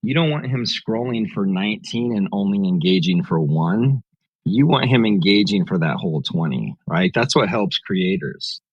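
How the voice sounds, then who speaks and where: A man's voice: fairly low pitch, expressive, moderate pace, breathy edge, no echo. A man explaining things methodically in a casual chat and calling himself a nerd, heard over a dull call line. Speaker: guest speaker.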